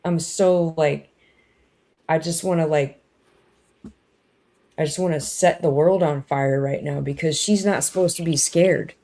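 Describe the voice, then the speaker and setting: A woman guest in a casual panel chat, speaking emotionally and haltingly with many fillers. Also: deep voice, steady tone, mellow.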